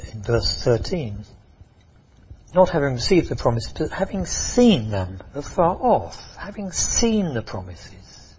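A man preaching a sermon, emphatic and expressive, often repeating and restarting phrases. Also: medium pitch, breathy edge, dull audio.

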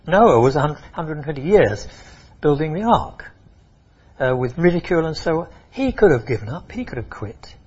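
A man preaching a sermon, emphatic and expressive, often repeating and restarting phrases. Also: fairly high pitch, moderate pace, husky, muffled recording.

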